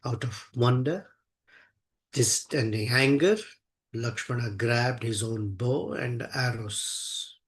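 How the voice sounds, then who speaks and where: A man's voice: medium pitch, slow. A man telling a sacred epic in a devotional discourse, chanting Sanskrit verses and then explaining them in English, earnest and emphatic. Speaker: scripture teacher. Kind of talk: devotional scripture storytelling.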